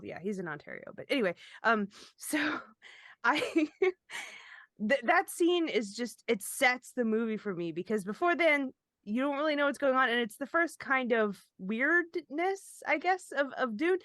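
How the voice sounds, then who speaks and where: A woman's voice: on the high side, sing-song, normal speed, a bit bright, no echo, studio quality. Rambling, self-deprecating woman podcaster. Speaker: podcast co-host. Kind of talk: casual chat.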